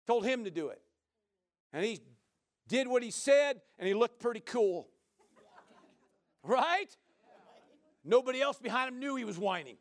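High-voiced joking male preacher. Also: moderate pace, pauses often. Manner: folksy and joking, with frequent "right?" asides; animated, swinging from loud to soft. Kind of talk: sermon.

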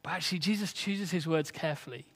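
A man's voice: on the high side, fast talker, fairly bright tone, breathy edge, long reverb tail. A man preaching a sermon in an earnest, conversational way, often asking his listeners rhetorical questions.

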